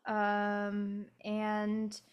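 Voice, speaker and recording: A woman with a Midwestern American accent co-hosting a podcast, chatting casually with frequent "um" pauses. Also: mid-range voice, monotone, smooth. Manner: easygoing, pauses with "um". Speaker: podcast co-host. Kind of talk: casual chat about a film.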